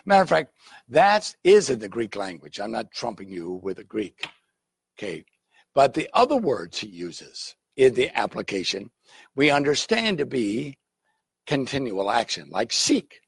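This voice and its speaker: A male pastor preaching a sermon, telling stories in an animated way and acting out the scenes, with a husky voice. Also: mid-range voice, a little slow, no room sound. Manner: animated storytelling, acts out scenes.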